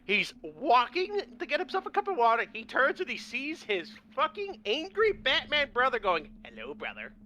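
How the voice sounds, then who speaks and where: Brief: excitable man, high bright voice, swearing storyteller, faint room hiss. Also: normal speed, hardly any pauses, highs cut off. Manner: animated, profane, acts out quotes. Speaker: lore presenter on a miniature painting show. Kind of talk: casual lore storytelling with friends.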